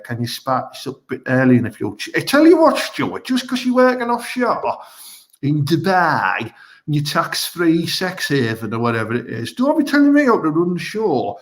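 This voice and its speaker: Teesside bloke, raised pitch, rambling and crude, hosts a live stream from home. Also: male voice, fairly bright tone. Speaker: host of a live online comedy show.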